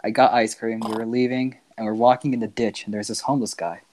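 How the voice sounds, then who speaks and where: A young man guest on a casual podcast, telling an exaggerated story in a deadpan way. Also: fairly low pitch, fast talker, noisy background. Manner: deadpan teller of exaggerated tall tales, laughs at his own jokes. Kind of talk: casual chat.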